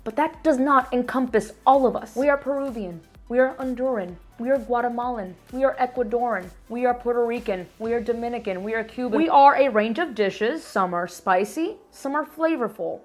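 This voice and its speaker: A young woman from Miami talks through her year in a casual vlog. She is animated and emphatic, throwing in Spanish words and the odd curse. Her voice sits a little high, with soft music playing quietly behind her. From Miami, United States. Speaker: vlogger.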